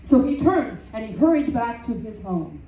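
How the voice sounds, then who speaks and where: A woman storyteller telling a folktale live in a community center room, slow and dramatic, repeating phrases for effect. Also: on the high side, sing-song, highs cut off. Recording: roomy, distant, faint background noise.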